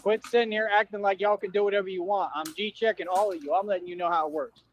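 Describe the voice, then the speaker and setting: High-voiced man ranting on a livestream. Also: fairly even intonation, quick pace. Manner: confrontational, slangy, repetitive ranting at viewers. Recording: dull dry livestream audio.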